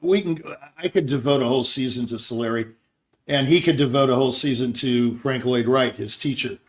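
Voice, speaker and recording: A man's voice: medium pitch, a little fast. An older man hosting a talk show, rambling and thinking aloud in casual conversation. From Scottsdale, Arizona area. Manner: rambling, restarts, quotes others in put-on voices. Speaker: show host.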